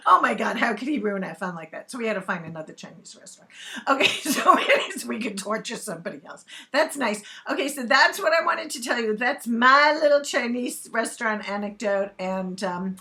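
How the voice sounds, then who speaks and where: A woman's voice: fairly high pitch, lively intonation, brisk, vocal fry, sharp tone. A woman from Brooklyn chatting to camera as a vlogger, telling a funny anecdote with frequent laughs mid-sentence. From Brooklyn, New York. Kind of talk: casual storytelling to camera.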